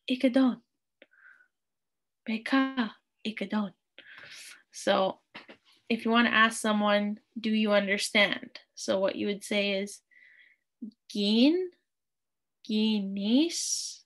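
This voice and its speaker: A woman teaching a beginners' language class online, saying each phrase slowly and repeating it patiently. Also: mid-range voice, a bit bright.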